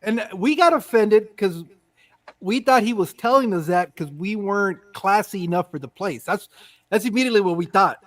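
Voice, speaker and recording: Chatting casually, a high-pitched man in his fifties animatedly recounts a story at normal speed, doing voices for its characters and dropping casual swear words.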